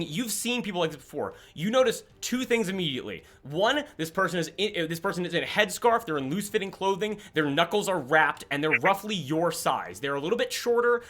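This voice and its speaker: A man narrating as game master of a tabletop game, rambling and animated. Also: sits high.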